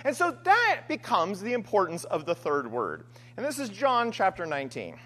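Lively conversational male preacher. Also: sits high, moderate pace. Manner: conversational, frequent "right?" asides and restarts. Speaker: pastor. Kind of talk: sermon.

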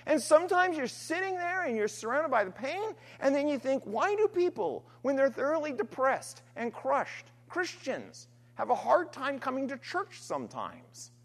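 Animated woman preaching in a reverberant hall. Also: sits high, normal speed, few pauses. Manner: earnest, emphatic, swings between loud stress and quiet trailing lines. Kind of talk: sermon.

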